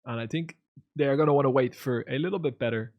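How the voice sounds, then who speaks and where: Fast-talking and casual, a male poker streamer narrates replays while reading viewer comments. One moment he mutters low, the next he erupts in loud excitement.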